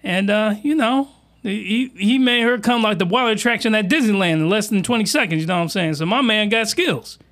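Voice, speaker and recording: A man's voice: high voice, brisk, fairly bright tone. A man hosting a crude comedic reaction commentary, talking in rowdy, slangy, exaggerated outbursts. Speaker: commentary host.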